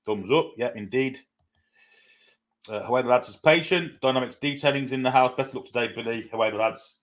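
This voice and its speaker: Hosting a live football watchalong for his fan channel, a man reads out viewer comments and greets people one by one, chatty and casual with frequent "uh"s and self-corrections. His mid-range voice is brisk and fairly bright in tone.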